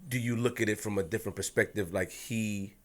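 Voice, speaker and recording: Man, podcast co-host, lowish voice, halting questions, rephrases. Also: fairly even intonation. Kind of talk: casual interview questions.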